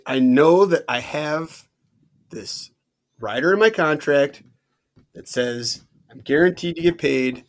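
A man with an ordinary mid-range voice speaks on a comedic chat show. He talks quietly and haltingly, with a mock-stubborn tone. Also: mid-range voice. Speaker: panelist.

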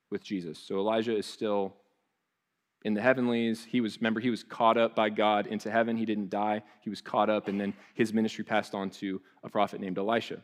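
A male pastor, preaching a sermon in a loose, conversational way with frequent restarts and asides. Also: lowish voice.

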